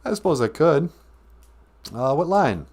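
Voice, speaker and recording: A man in his fifties with a Minnesotan accent hosts a casual comedy podcast. He talks playfully, laughs easily and stretches words out. His pitch moves around freely. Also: big pitch swings, a little mellow, husky. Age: 50s. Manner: playful, laughing, drawls phrases out slowly. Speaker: podcast host.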